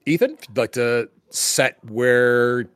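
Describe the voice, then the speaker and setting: A man's voice: medium pitch, takes it slowly, fairly bright tone, smooth, dry recording. A man running a tabletop roleplaying game as its game master. He talks with lots of ums and restarts and laughs often, in a dry, close recording with no room sound. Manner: hesitant, lots of fillers and laughs.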